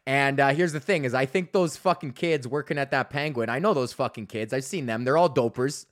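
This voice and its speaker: A man's voice: mid-range voice, fairly quick, few pauses. A man, hosting a podcast in a rambling, profane casual rant full of mockery. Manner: swears constantly, rambling and mocking. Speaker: podcast host.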